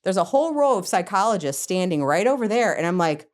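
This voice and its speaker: A woman's voice: lowish voice, fast talker. A middle-aged woman, a psychotherapist, telling stories from her career in a podcast interview, acting out scenes and laughing often. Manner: lively storyteller, acts out scenes, laughs often. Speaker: psychotherapist guest.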